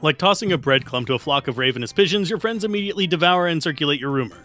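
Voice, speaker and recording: A man reading game text aloud in a brisk, amused way while playing a video game with friends. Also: on the high side, animated, bright, forceful tone, faint music behind. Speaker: game commentator.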